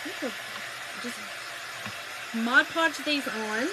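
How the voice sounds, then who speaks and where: Speaking slowly in a slightly high voice, a woman with a Southern US accent hosts a casual crafting stream. The recording is very noisy, and she chats with viewers, whom she calls y'all, while telling stories.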